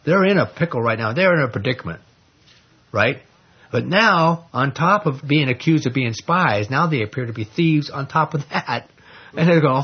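With an animated, slightly rough, medium-pitched voice at normal speed, a man runs a Bible study: he reads scripture, explains it conversationally with lots of fillers, and often questions the class. The recording sounds muffled.

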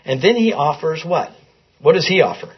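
Husky man teaching a Bible class. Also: fairly high pitch, expressive, moderate pace, muffled recording. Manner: questioning, conversational, asks the class often.

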